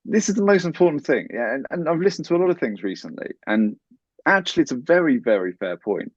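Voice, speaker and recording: A man's voice: fairly high pitch, expressive, quick pace, no room sound. A man talking as a guest in an interview, earnest and giving advice. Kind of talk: conversational interview. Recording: dull, lo-fi, dry sound.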